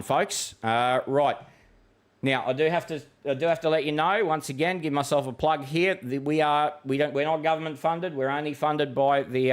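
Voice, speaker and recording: Chatty Australian man hosting a weather livestream. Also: mid-range voice. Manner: chatty and matey, with many fillers and restarts. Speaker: weather forecaster and livestream host. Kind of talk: casual livestream chat reading viewer comments.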